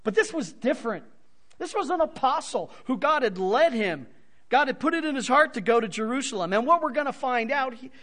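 Animated preacher man, lively pitch. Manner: animated, swings from soft to loud for emphasis. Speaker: pastor. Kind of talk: expository sermon.

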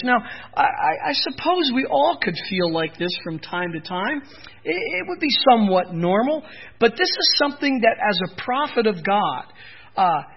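Male preacher, high voice, earnest, given to impassioned cries; muffled lo-fi sound. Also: breathy edge. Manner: earnest, rises to impassioned cries when quoting laments. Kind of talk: expository sermon. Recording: dull lo-fi recording.

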